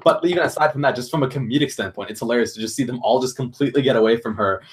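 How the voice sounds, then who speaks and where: A man's voice: medium pitch, rapid-fire. A man hosting a casual review chat, talking enthusiastically and laughing easily.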